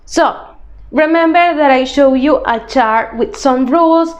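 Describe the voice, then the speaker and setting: A woman's voice: high-pitched, measured pace, dull audio. A woman teacher, patiently explaining a grammar lesson step by step, often checking in with "okay?". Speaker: English teacher. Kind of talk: recorded grade-school grammar lesson.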